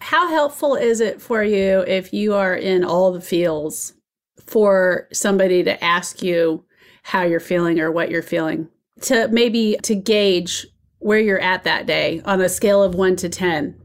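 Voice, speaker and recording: A woman's voice: fairly low pitch, a little slow. Thoughtful woman asking probing questions. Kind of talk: casual podcast conversation.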